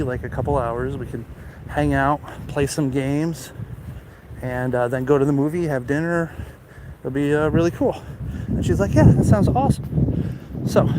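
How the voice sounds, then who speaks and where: Rambling man on a noisy outdoor walk. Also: fairly high pitch. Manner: rambling, many fillers and restarts. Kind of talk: casual storytelling. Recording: loud outdoor noise.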